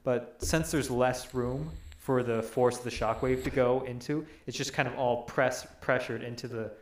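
A man's voice: mid-range voice, steady tone, moderate pace, echoey room. A man hosting a casual podcast, narrating a video and explaining things in a rambling way. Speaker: podcast host.

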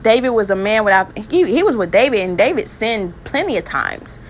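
A woman's voice: mid-range voice, lively intonation, brisk, a little hiss or hum. A woman hosting a podcast, preaching and praying fervently, repeating phrases with emotion. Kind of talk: impassioned spoken sermon and prayer.

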